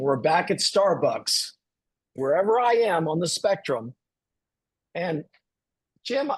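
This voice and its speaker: A man hosts a panel on a video call, asking questions in a loose, rambling way. His voice is husky and pitched a little high. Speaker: panel host.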